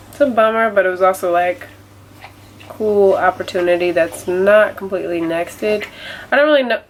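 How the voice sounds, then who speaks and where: A young adult woman with a medium-pitched, nasal voice talks at a moderate pace about a setback she's had. It's a casual, rambling confessional vlog packed with filler words, recorded roughly with slight background noise.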